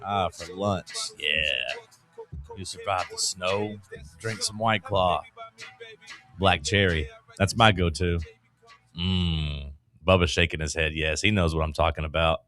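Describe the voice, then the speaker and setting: A man hosting a sports talk radio show, joking and bantering loudly with his co-hosts. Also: low voice, fairly even intonation, soft background music. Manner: loud, jokey, quick to laugh.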